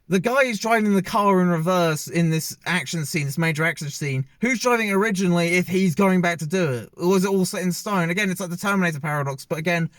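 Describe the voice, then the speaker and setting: A man's voice: high voice, no echo. A man giving a casual, rambling movie review with many fillers and restarts. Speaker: film reviewer.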